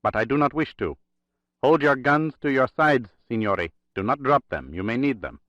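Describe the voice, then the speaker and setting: A man voicing an armed, Italian-speaking woman who gives clipped, formal commands in halting English in an audiobook. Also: mid-range voice, lively intonation, fairly bright tone, no room sound, voice pushed up, close to an everyday voice. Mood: commanding. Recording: dry, slightly dull recording.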